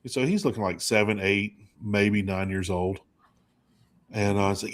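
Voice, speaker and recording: A man, co-hosting and telling a rambling, animated story in casual chat. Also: unhurried. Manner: rambling, animated storyteller with high put-on quoted voices. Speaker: co-host.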